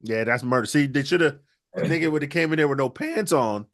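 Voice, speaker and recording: A man co-hosting a podcast, riffing crudely through loud, animated comedic storytelling. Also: a little high, fairly quick. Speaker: podcast co-host.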